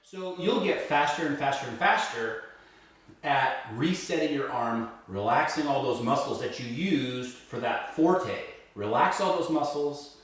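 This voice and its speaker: A man's voice: medium pitch, animated, measured pace, fairly bright tone, faint music behind. Man, violin teacher, patient step-by-step explaining, keeps asking "right?", heavy room echo, distant mic. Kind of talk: step-by-step music lesson.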